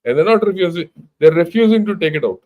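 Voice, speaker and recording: An older man with an Indian English accent, his voice a little high, talks fast and animatedly over dull audio. He's a retired army general giving an informal lecture, emphatic and blunt, packed with rhetorical questions.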